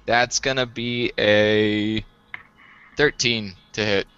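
A man's voice: on the low side, fairly even intonation, takes it slowly, fairly bright tone, smooth, highs cut off. A man playing a tabletop game, unsure and thinking aloud as he decides. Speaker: player. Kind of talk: casual tabletop play.

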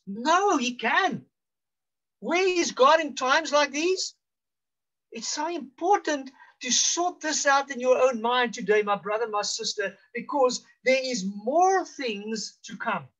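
A male pastor with a South African accent preaching slowly and deliberately, rising for emphasis and dropping to a hush. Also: extremely high pitch. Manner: slow, deliberate preaching with emphatic rises and hushed drops. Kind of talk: sermon.

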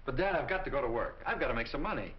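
A young actor playing a headstrong, defiant son, in 1940s film acting. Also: male voice, medium pitch, animated, close to an everyday voice. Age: young adult. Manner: defiant, quick, emphatic. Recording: dull old film soundtrack.

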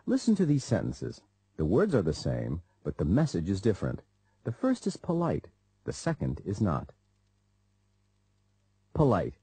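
Measured male lesson narrator. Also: sits low, huge pitch swings, mellow, breathy edge, dry recording. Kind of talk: scripted instructional narration.

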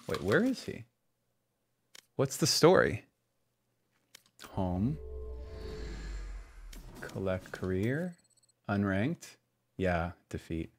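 A man's voice: medium pitch, a little hiss or hum. A man in his forties streaming a shooter game from a room at home, chatting casually, mocking himself and swearing often. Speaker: livestreamer playing a shooter game. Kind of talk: casual gameplay commentary.

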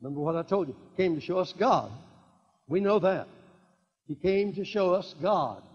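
Older evangelist, high husky voice, hammering repeated points, old muffled recording in a reverberant hall. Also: male voice, animated, normal speed. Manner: swings from quiet asides to loud emphatic proclaiming, repeats key lines. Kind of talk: sermon.

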